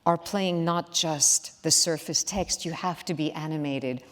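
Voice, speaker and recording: Low-voiced woman interviewer in a hall. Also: measured pace, a bit bright. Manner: thoughtful, careful, with hesitations. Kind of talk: onstage interview. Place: large theater hall, live audience. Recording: hall reverb.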